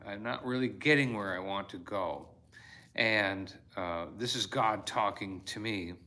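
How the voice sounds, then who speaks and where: Earnest man with a bright voice. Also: lowish voice. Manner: earnest and heartfelt, breaks into exclamations. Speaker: storyteller. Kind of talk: reflective fireside talk, reading his own devotional.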